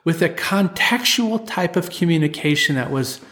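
A man who teaches martial arts, telling a story from his classes in an animated way and acting out the voices in it. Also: a little high, moderate pace. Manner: animated storyteller, acts out voices of children and parents. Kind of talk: storytelling talk.

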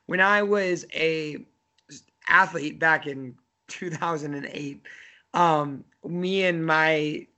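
A man's voice: a little high, slow, sharp tone. A man in his thirties, a college soccer coach, chatting casually on a podcast in a rambling way full of fillers and restarts.

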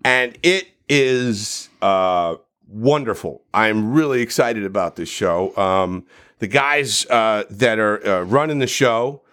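A middle-aged man telling stories in a casual podcast chat, rambling and profane, with animated bursts. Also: on the low side, slow. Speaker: voice actor guest.

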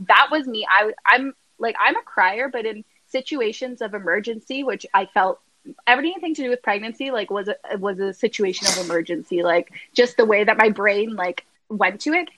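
A young woman hosts a casual podcast chat, telling her story with lots of filler words. Her voice sits a bit high. The sound is close and dry, with no room around it. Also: no echo, rough recording. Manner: animated storytelling, many "like" fillers. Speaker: podcast host.

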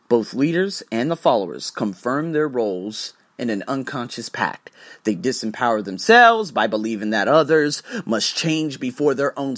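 A man hosting a podcast, talking as a teacher in a profane, ranting, animated manner. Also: medium pitch. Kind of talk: casual monologue podcast.

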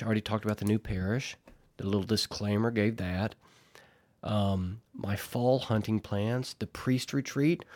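A man's voice: lowish voice, a little mellow. A man hosting a casual solo podcast, telling a story in a chatty, rambling way and laughing at himself.

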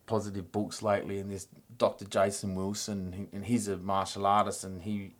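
A man's voice: fairly low pitch, little pitch movement, fairly quick. An Australian man hosting a casual podcast chat, telling rambling stories and swearing freely. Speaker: podcast host.

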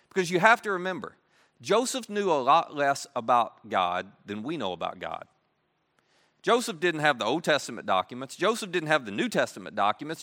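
A male pastor tells a story from the pulpit in a lively, chatty way, tossing in playful asides. His voice is bright and swings widely in pitch, and it rings out with the long reverb of a big hall. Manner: animated, conversational retelling with playful asides. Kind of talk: sermon storytelling.

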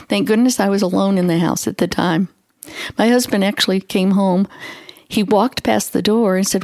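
A middle-aged woman hosting a podcast, telling her own story in an earnest, expressive way that often speeds up. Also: mid-range voice. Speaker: podcast host. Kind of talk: personal storytelling monologue.

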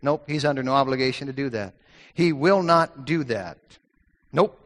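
A man's voice: medium pitch, moderate pace, fairly bright tone, in a large hall. A man preaching a sermon, emphatic, repeating key phrases and quoting scripture in old-fashioned wording.

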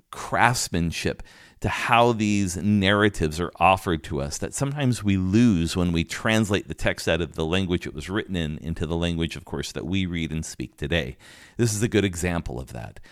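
Low-voiced pastor teaching a sermon. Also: male voice, dry recording, clean studio sound. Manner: teaching, explanatory, with restarts and fillers.

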